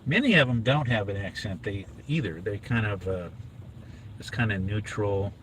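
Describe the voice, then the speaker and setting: A man's voice: lowish voice, animated, normal speed, a bit bright, a little hiss or hum, low-quality recording. A middle-aged man from inland California, rambling casually with lots of fillers while driving with his son. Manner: rambling, chatty, with many fillers. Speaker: father, vlog host. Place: inside a car on a drive.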